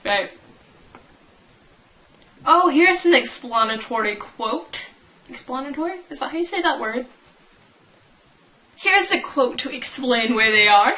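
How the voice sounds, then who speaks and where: A woman's voice: sits high, lively intonation, slow, pauses often, pushed and bright, low-quality recording. A young woman hosting a fan channel, reading and reacting in a casual, rambling way, giggling and stopping to correct herself.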